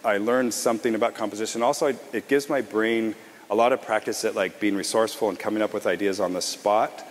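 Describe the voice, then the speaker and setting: A man giving a casual conference talk to designers, relaxed and rambling, often restarting his sentences. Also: fairly low pitch, quick pace. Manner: relaxed, rambling, self-correcting. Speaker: conference presenter. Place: large conference hall. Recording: long hall reverb.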